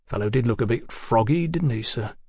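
A male narrator voicing a dry, deliberate Victorian police detective who questions politely and speaks in measured tones. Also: mid-range voice, lively intonation, creaky, darkish tone, slightly rough, dry recording.

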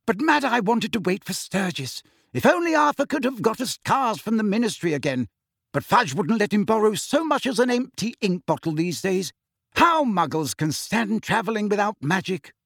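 A man's voice: high-pitched, animated, gravelly, fairly bright tone, dry recording, clean studio sound, pitched above the performer's own voice, heavily acted. A man voicing an anxious, bustling, motherly middle-aged witch who frets and hurries everyone along. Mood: fretting. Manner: fussy, hurried, fretting.

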